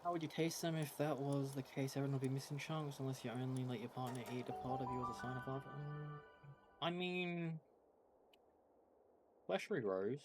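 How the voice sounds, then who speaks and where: A man's voice: medium pitch, steady tone, normal speed, music in the background. A man co-hosting a game stream, chatting casually and hesitantly, with plenty of fillers. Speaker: co-host streamer. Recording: loud background noise.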